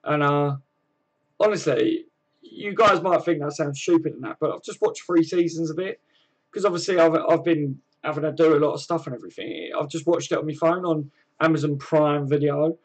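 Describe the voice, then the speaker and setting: English man, slightly high voice, live-stream host, casual chat, reads comments, says mate a lot. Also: moderate pace, low-quality recording. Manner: chatty, calls viewers mate, laughs often.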